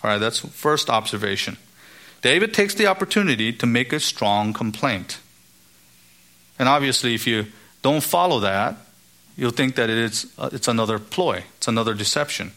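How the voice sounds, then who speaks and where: A man teaches through a Bible passage in a lively, expository way. He keeps asking his listeners rhetorical questions and slips into the voices of the people in the story. His voice sits at an ordinary middle pitch. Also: moderate pace. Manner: animated, asks rhetorical questions, acts out quoted characters.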